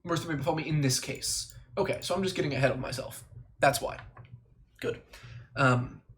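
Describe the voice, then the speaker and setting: A man streaming live, thinking aloud and reciting memorized lines in quick bursts, stopping to correct himself. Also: on the high side, a bit bright, slight background noise. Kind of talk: casual livestream chat, reciting lines from memory.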